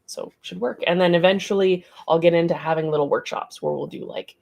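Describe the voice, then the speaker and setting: A middle-aged woman with a slightly low voice rambles in relaxed, chatty livestream talk. She hosts her studio stream, greeting viewers and wandering from thought to thought. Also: fairly quick, vocal fry. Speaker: artist hosting a studio livestream. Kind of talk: casual livestream chat.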